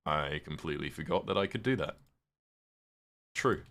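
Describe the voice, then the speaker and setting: Deep-voiced man chatting on stream. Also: lively intonation, moderate pace, vocal fry, fairly bright tone. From United Kingdom. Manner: chatty, answers viewers' questions, swears casually. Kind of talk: casual live-stream chat while gaming.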